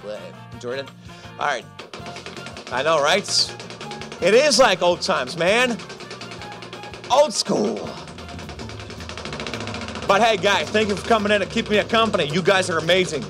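A man's voice: sits high, lively intonation, measured pace, long pauses, over music. A man presenting a live casino game, chatting playfully with viewers and joking between rounds. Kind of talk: lively chat with viewers while running a game.

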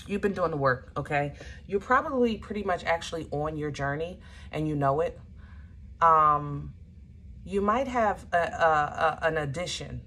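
A woman's voice: deep voice, unhurried, fairly bright tone, slight background noise. A woman giving a casual, chatty tarot reading to her viewers, emphatic and often searching aloud for the right word. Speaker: tarot reader.

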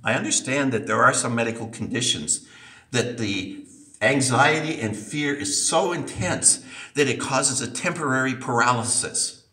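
Male preacher, emphatic sermon, lively pitch, recorded far off in a roomy hall. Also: normal speed. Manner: emphatic, repeating for stress. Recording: echoey church from a distance.

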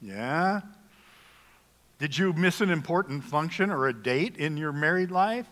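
A man's voice: a little high, expressive, a little slow, fairly bright tone. A middle-aged male pastor preaching a sermon in a folksy, humorous, conversational way. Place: church sanctuary. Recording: long reverb of a church hall.

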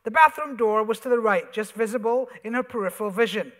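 A man, an author, reading his comic essay aloud on a theater stage with wry, animated storytelling. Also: sits high, fast. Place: theater stage before an audience. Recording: reverberant theater hall.

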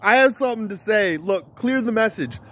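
A man's voice: high voice, lively intonation, normal speed, fairly bright tone, a little hiss or hum. A man vlogging in a rambling, giggly, repetitive stream-of-consciousness monologue to camera.

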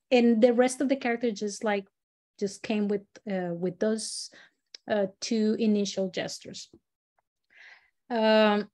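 A woman with a fairly high voice leads a storytelling workshop in a casual, chatty way. She often restarts her sentences and stops to act out examples. Her tone stays relaxed and conversational, like teaching. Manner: chatty, many fillers and restarts, acts out examples.

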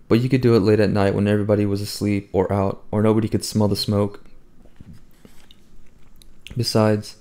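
A man narrating a novel in the first person, his voice pitched low and mellow. He reads in a conversational, wry manner, as if telling the story himself. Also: vocal fry. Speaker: audiobook reader.

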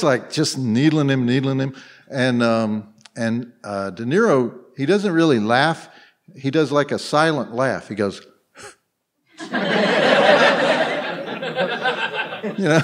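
A man's voice: mid-range voice, big pitch swings, moderate pace. A man telling loose anecdotes to a live convention audience, circling back with fillers and restarts. He chuckles often, and his voice sits in an ordinary middle range. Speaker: panel guest. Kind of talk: anecdotal storytelling on a live panel. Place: convention panel room.

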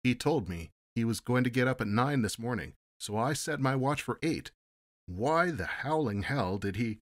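A man's voice: mid-range voice, lively intonation, normal speed, voice pushed up, close to an everyday voice. A man voicing a bulky, gray-haired male security agent in an audiobook reading, protesting and swearing.

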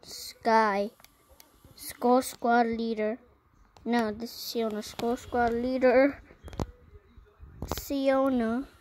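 A female gaming channel host in a casual vlog, listing items one by one with plenty of ums and pauses. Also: fairly high pitch, level tone, darkish tone, a little hiss or hum, poor audio.

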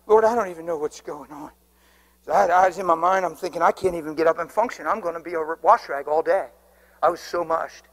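A middle-aged man preaching a sermon to a congregation, swinging from hushed whispers to loud, urgent emphasis. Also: high voice, rough recording. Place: church sanctuary before a congregation.

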